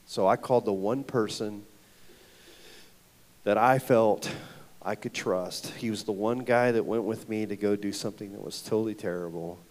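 A man giving a personal testimony at a ministry gathering, telling his story in a casual, slangy way, swinging between loud and whispered. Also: fairly low pitch, moderate pace. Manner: casual, slangy storytelling with frequent 'like' and 'dude'. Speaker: guest speaker at ministry event.

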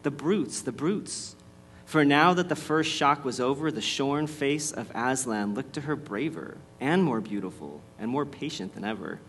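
A man reading a storybook aloud in a measured, expressive way, then speaking to his listeners as the host. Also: medium pitch, a little hiss or hum.

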